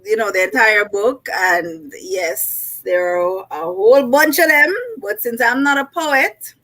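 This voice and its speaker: A woman's voice: fairly high pitch, unhurried, bright, forceful tone. A woman guest on a talk show, chatting casually with many fillers and reading a poem aloud. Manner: conversational, many "you know" fillers. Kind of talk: casual chat and poetry reading.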